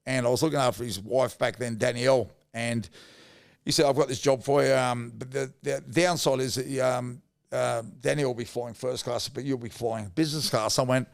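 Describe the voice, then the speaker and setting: A man's voice: mid-range voice, steady tone, normal speed, creaky. A middle-aged Australian man telling rambling, blokey anecdotes as a podcast guest, with mild swearing. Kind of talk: casual storytelling.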